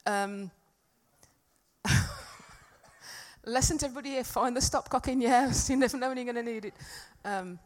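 A woman's voice: a little high, normal speed, long pauses. A middle-aged woman giving a talk at a church gathering, telling a personal story in a chatty, self-deprecating way. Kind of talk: sermon with personal anecdote.

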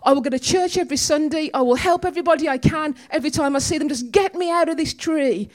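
A woman voicing a panicked man stuck in a tree on a cliff, shouting for help in a much higher voice. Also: fast talker, lightly acted. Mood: pleading.

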